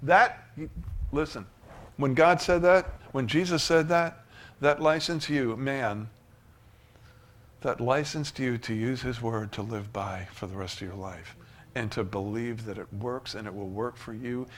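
A man preaching a sermon as pastor, emphatic, swinging from loud rises to soft asides. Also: medium pitch, a little slow.

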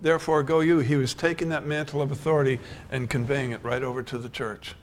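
A man's voice: mid-range voice, fairly even intonation, a little fast, slight background noise. An older man preaching a sermon, telling stories and building to emphatic declarations. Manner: storytelling, rising to emphatic preaching.

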